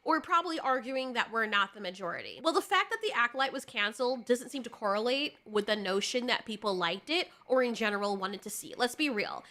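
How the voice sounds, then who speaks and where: High, bright, ranting female commentator. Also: lively intonation, brisk, few pauses. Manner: passionate, sarcastic ranting. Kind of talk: opinionated commentary.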